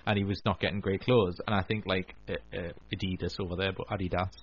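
Man, low voice, rambling radio host, dull lo-fi sound. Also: level tone, fast talker, breathy edge. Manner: rambling, many restarts and fillers. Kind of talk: casual chat. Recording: dull lo-fi recording.

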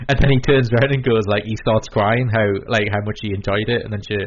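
A man's voice: fairly low pitch, steady tone, fast talker, muffled recording. A man in casual chat who rambles with many fillers and restarts and acts out quoted lines.

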